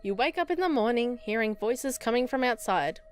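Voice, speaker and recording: A woman's voice: fairly high pitch, expressive, brisk, faint music behind. A woman reading a text game aloud and voicing its characters, adding casual, joking asides. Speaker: gamer.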